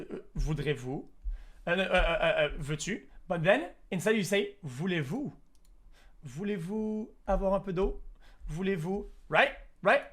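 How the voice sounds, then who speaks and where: High-voiced excitable swearing man streamer. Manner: excitable, swearing, repeating words and stumbling. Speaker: streamer reacting to a video. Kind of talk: profane reaction commentary.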